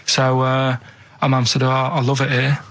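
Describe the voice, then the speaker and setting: A man chatting on a radio comedy show, telling stories in a deadpan way. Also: medium pitch, normal speed. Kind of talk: casual radio banter.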